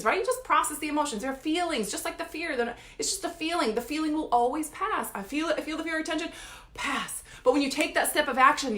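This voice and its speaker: A woman's voice: sits high, fairly bright tone, echoey room. A woman coach giving an emphatic, blunt motivational talk straight to her viewers. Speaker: life coach.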